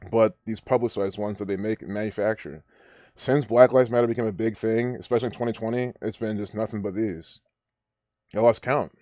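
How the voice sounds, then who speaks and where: A man's voice: fairly low pitch, fairly even intonation, a little fast, darkish tone, no room sound, clean studio sound. A man hosting a live stream, ranting and rambling with many restarts as he comments. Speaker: livestream host.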